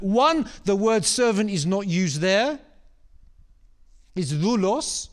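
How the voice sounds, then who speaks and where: A man delivers a sermon in a high, unhurried voice. He is animated and drives his points home by repeating words and phrases. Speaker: preacher.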